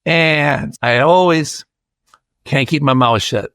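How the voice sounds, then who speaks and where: A man's voice: fairly high pitch, slow, a bit bright, no echo. An older man from Iowa, a podcast guest, chatting through a rambling personal story and acting out the voices of people he quotes.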